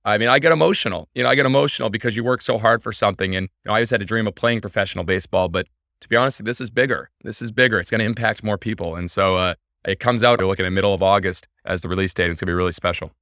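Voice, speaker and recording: A man talks quickly and eagerly as a podcast guest. His voice is bright and forceful, and the recording is dry and close. His manner is energetic, and he tumbles from one point to the next. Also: lowish voice, dry recording. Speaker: podcast guest, baseball team owner. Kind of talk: casual interview chat.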